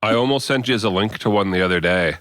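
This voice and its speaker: A man's voice: lowish voice, fast talker, a bit bright, no room sound. A man co-hosting a podcast in casual chat, telling stories with an exasperated, ranting edge. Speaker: podcast co-host.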